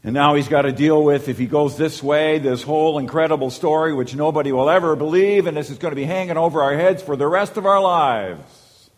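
Preacher man in a reverberant hall. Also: a little fast. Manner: swings from soft and low to loud and emphatic. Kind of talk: sermon.

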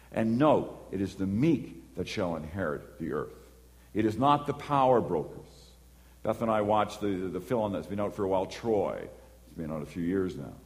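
A preacher delivers a sermon with an animated storytelling manner, acting out dialogue as he goes. His voice rings out in a hall with a long, lingering reverb. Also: deep voice. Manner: animated storytelling, acts out voices and horn beeps.

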